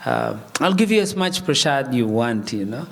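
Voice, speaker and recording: A man playing a calm, gracious supreme god. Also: medium pitch, creaky. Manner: soothing, measured and slow when decreeing.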